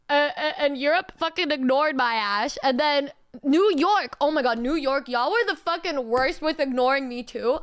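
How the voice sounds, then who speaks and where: High-voiced woman streamer, animated and laughing. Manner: animated, laughing often, swearing, mock-whiny. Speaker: streamer and singer. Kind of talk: casual stream chat, storytelling.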